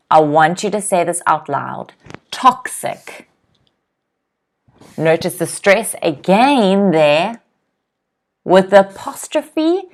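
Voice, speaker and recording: A young woman teaching English in a live online lesson, reading out viewers' comments and drilling new words with clear, slow pronunciation. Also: mid-range voice, a little mellow. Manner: clear, slow word-by-word pronunciation drills with frequent "okay?" checks; reads viewers' comments aloud and laughs lightly.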